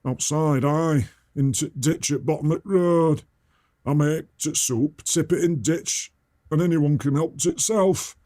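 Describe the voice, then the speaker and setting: A man voicing a dim northern male soup cook, speaking with a Northern English accent in a slow, blunt, deadpan way. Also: on the high side, no room sound, studio quality, voice pushed up, lightly acted. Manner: slow, flat and deadpan, dropping words to a clipped "t-". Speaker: guest character.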